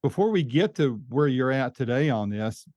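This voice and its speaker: Brief: male interview host, calm measured questions, mid-pitched, dry close sound. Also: no echo. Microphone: remote interview over the internet.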